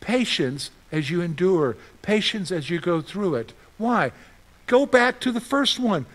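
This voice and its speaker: High-voiced animated preacher man. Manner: conversational, asks the audience questions and answers them; animated storytelling with sudden loud outbursts. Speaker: pastor. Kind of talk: sermon.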